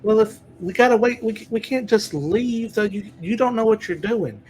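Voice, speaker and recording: High-voiced man, stammering player. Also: moderate pace, darkish tone, slight background noise. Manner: stammering, repeats words. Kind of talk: tabletop game play.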